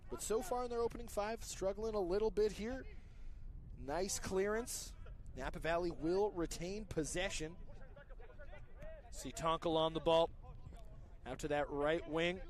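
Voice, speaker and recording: A man calls a local soccer match in a high, light voice. He keeps up a friendly patter with joking asides and lifts his energy whenever play nears the goal. Traffic can be heard from the roads around the field. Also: unhurried, pauses often. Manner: chatty, joking asides, rising excitement on attacks. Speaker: play-by-play commentator. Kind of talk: live soccer commentary.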